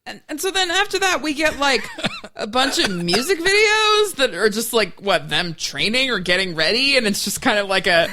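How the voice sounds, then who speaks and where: A woman's voice: on the high side, very animated, moderate pace, pushed and bright, slight background noise. A woman co-hosting a movie podcast, chatty as she recaps scenes in casual banter. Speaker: podcast co-host.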